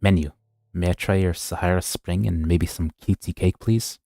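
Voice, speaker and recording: A man's voice: low voice, steady tone, normal speed, vocal fry, dark tone, no room sound, clean studio sound. A man voicing a polite, wary undercover corporate agent, speaking with small stumbles.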